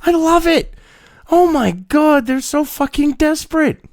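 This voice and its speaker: A man's voice: extremely high pitch, measured pace, dry recording, clean studio sound. A man, hosting a profane rant reacting to a news article, angry and mocking and swearing constantly. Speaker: political commentary host.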